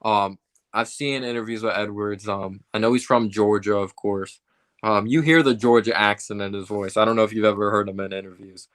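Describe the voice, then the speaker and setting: Casual low-voiced male sports fan host. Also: steady tone, brisk, fairly bright tone. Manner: casual, filler-heavy, fan talk.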